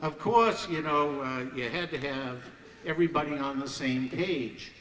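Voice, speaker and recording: An older man telling lively anecdotes at a ceremony on a banquet hall stage and acting out the voices of others, in an echoey hall heard from far off. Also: fairly high pitch, a little slow. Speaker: hall of fame ceremony speaker. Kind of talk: anecdotal after-dinner storytelling.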